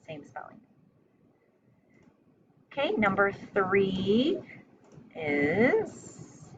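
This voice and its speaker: A woman teacher slowly dictating a spelling test, repeating each word and sentence with care. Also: medium pitch, big pitch swings, recorded from a distance, dull audio, slight background noise. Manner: slow, careful dictation with repeated words.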